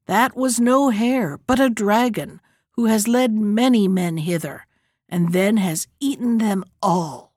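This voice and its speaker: A woman voicing a captive, wily old woman at a mill in a storybook reading, with a gentle, coaxing manner. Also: mid-range voice, takes it slowly, no echo, studio quality.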